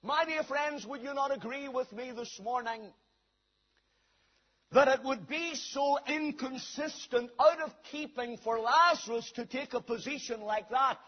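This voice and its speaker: High, husky preacher. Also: male voice. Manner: storytelling preacher who acts out the scenes with raised, drawn-out calls. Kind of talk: sermon. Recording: dull, muffled lo-fi sound.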